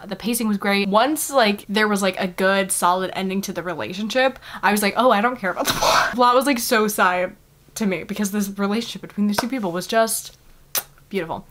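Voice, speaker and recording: A young adult woman chatting casually in a book vlog, gushing and excitable, with lots of "like" and casual swearing. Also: medium pitch, slight background noise. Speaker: book vlogger.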